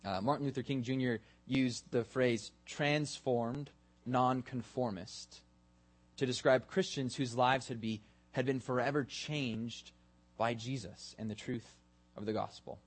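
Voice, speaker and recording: A pastor preaching a sermon in a relaxed, conversational way, asking his listeners questions and joking about himself. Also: medium pitch, measured pace. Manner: casual and self-deprecating, asks the congregation questions.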